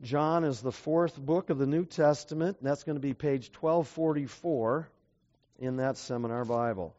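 A man's voice: medium pitch, moderate pace, darkish tone, lo-fi sound. A man preaching a sermon to a seminar audience, often checking in with rhetorical questions. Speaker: pastor.

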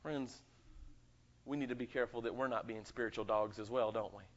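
A man preaching a sermon with dramatic swings between loud, high emphasis and quiet, low asides. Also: fairly quick. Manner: animated preaching with dramatic swings in pitch and volume. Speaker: pastor. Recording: muffled lo-fi sound.

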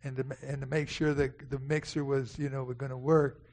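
A man's voice: medium pitch, little pitch movement, brisk, vocal fry, darkish tone. An older man, preaching a sermon and telling a folksy personal story, calling out to people in the congregation by name. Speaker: pastor.

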